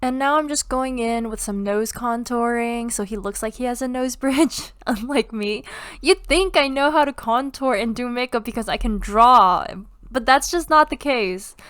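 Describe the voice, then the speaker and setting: A woman's voice: fairly high pitch, moderate pace, fairly bright tone, smooth, no echo. A young woman with a congested voice casually talking through her drawing process, rambling with lots of fillers and little laughs. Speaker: art youtuber. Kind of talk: casual drawing tutorial commentary.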